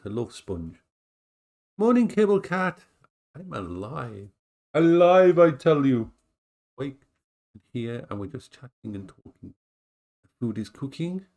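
A man's voice: on the low side, warm tone. A middle-aged man in casual chat at home, rambling and playful, recorded on a tablet camera. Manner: rambling, playful, talks to his dogs in a cooing voice. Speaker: vlogger. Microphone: tablet as action cam.

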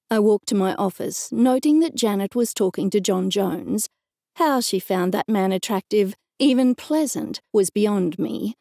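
An Australian woman narrates a cozy mystery audiobook in an even, first-person storytelling voice. Her tone is mellow and dark with a gravelly fry, recorded dry and close. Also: medium pitch, measured pace, no echo. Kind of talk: scripted narration.

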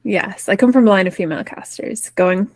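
Woman, tabletop player, friendly, brisk, dry close sound. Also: medium pitch, no echo. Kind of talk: playing a tabletop game.

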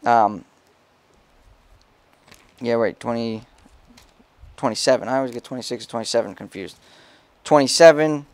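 A man's voice: medium pitch, normal speed, pauses often, dry recording. A pastor preaching a sermon in a casual, conversational way, reading scripture aloud and checking in with his listeners. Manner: casual preaching, reads scripture aloud, frequent "okay?" asides. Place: church.

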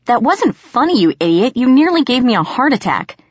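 A woman voicing a quick-tempered teenage farm girl who answers back indignantly. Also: lowish voice, animated, no echo. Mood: angry. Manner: indignant, snappish. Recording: dry, slightly muffled.

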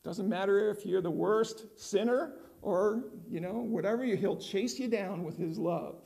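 A man's voice: high voice, unhurried, gravelly, warm tone. An older man preaching a conversational sermon as pastor, often asking the congregation questions.

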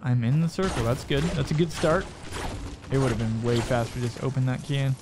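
Against some background noise, a gaming host with a medium-pitched voice narrates his gameplay excitedly. Danger sets off yelping and quick bursts of repeated words, and looting brings relaxed talk aimed at himself and the audience.

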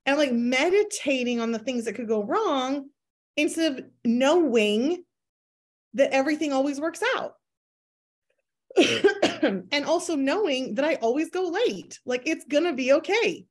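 A woman's voice: high-pitched, expressive, a little slow, long pauses. A woman in her thirties giving a motivational talk to her sales team, acting out inner voices in quoted asides. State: pregnant, near her due date. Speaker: network marketing team leader.

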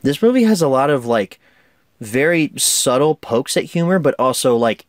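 A man chatting about a movie with a lively, bouncy voice that rises and falls a lot, enthusiastic and quick to laugh. The sound is dry and close. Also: medium pitch, no echo. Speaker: film reviewer. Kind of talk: casual movie review.

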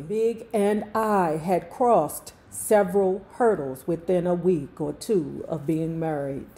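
Her voice sits on the low side with a dark tone: a fifty-something Washington, D.C. woman, heavy D.C. accent, leading a book club. She drawls slowly through the reading and wanders off into joking, chatty remarks.

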